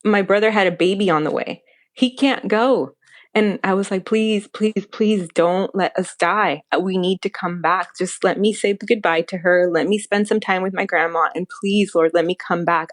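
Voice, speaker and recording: A young adult woman recounts her story as a podcast guest, slipping into the voices of the people she quotes. Her voice sits a little low for a woman, and she talks with lively, animated feeling. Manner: animated, acts out quoted dialogue. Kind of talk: emotional personal storytelling.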